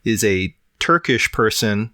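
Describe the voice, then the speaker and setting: Rambling feverish podcast guy, bright tone. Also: lowish voice, expressive, slow pace, dry recording, clean studio sound. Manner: rambling, long-winded, swears casually. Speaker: podcast co-host. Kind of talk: casual chat.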